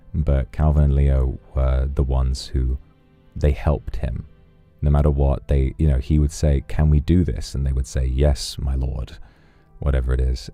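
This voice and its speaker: A man's voice: very deep voice, creaky, dark tone. A man streaming and chatting casually, reflecting in a rambling way with frequent restarts.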